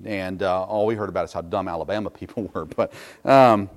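A man's voice: low-pitched, fairly quick. A middle-aged pastor preaching a sermon in a folksy, self-deprecating way, with asides to his congregation.

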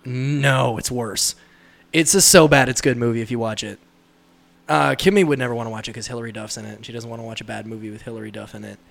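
A man's voice: mid-range voice, steady tone, quick pace, creaky, fairly bright tone. A man chatting casually about movies, rambling with lots of fillers and laughing often. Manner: rambling, laughing, mimics voices in quotes.

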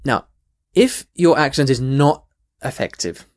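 A man's voice: mid-range voice, expressive, measured pace, a little mellow. A man hosting a language-learning podcast, answering a listener's question earnestly with frequent restarts and emphatic rises. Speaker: podcast host and language coach.

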